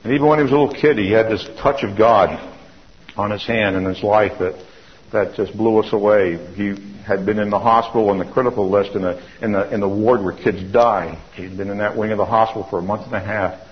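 Earnest low-voiced man telling his testimony. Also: steady tone, fairly quick. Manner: earnest storyteller with frequent restarts and repeats. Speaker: church speaker giving testimony. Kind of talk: testimony sermon storytelling. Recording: dull lo-fi recording.

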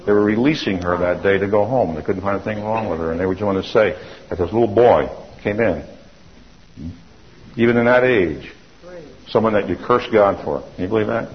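A man's voice: lowish voice, a little fast. A middle-aged man giving a testimony sermon, an earnest storyteller who often restarts and repeats himself. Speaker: church speaker giving testimony. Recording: dull lo-fi recording.

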